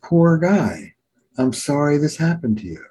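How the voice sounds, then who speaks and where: A man's voice: fairly high pitch, a little slow, slightly rough, low-quality recording. A middle-aged man from New Jersey, a therapist telling stories in a conversational interview. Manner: animated storyteller, acts out quotes. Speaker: therapist and author.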